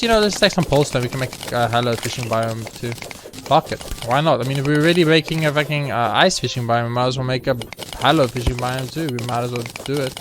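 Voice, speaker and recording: A young man hosting a let's play commentates his gameplay in a mid-range voice, casual and sarcastic with mock boasting and free swearing. Game music plays behind him, and the background is noisy.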